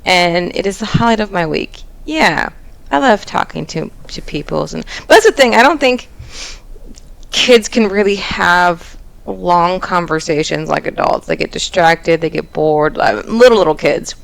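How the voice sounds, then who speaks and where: A young woman with a lowish, gravelly voice talks in a loose, joking way. She trips over her words and restarts a lot. It sounds like an easygoing hosted chat about stories read online. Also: animated, unhurried, rough recording. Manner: chatty, joking, with frequent restarts. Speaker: host.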